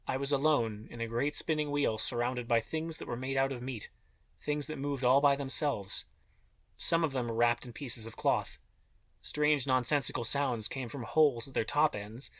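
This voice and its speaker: A man's voice: medium pitch, a bit bright, no echo. A man reading an audiobook in scripted, dramatic narration.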